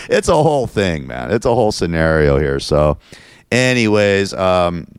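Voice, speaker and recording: Male show host, low and smooth, rambling frustrated monologue. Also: very animated, a little slow, dry recording, clean studio sound. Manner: frustrated, repetitive, venting.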